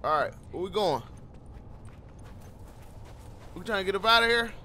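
Man doing gameplay commentary, very high voice, sharp bright tone, loud excitable reactions. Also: fast talker, a little hiss or hum.

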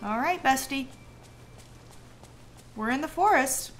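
A young woman chats casually while she streams a game. She sounds giggly, playful and animated, with a high, bright voice. Faint game music plays underneath. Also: takes it slowly. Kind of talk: casual gameplay chat.

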